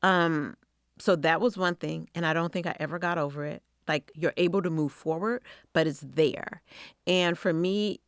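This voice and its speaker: A middle-aged woman hosts her podcast and tells a personal story in a blunt, profane, conversational way. Her voice sits on the low side and is recorded close and dry, with no room sound. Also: no echo. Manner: frank and profane, with quick asides. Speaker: podcast host.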